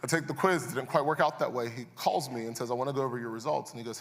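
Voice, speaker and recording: A man's voice: medium pitch, racing. A man preaching a sermon as pastor, conversational and building to intense, repeated refrains. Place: church auditorium. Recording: church hall reverb.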